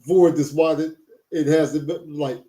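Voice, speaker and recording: A man's voice: fairly high pitch, fairly even intonation, a little slow, mellow. A man chatting casually as a podcast co-host, blunt and profane. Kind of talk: casual chat.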